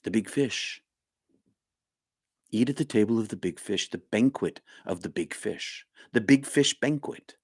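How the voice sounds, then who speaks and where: A man with a deep, low voice talks in a casual, rambling way, pausing and restarting as he reflects on spiritual ideas. He sounds close and dry, with no room around him. He reads out viewer comments and answers them. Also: expressive, husky, no echo. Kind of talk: casual live-stream talk.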